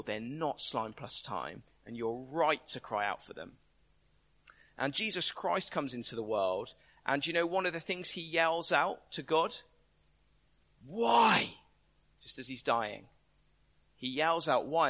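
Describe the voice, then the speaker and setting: Bright-voiced man preaching. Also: medium pitch. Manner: conversational, emphatic, rhetorical questions. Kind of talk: sermon.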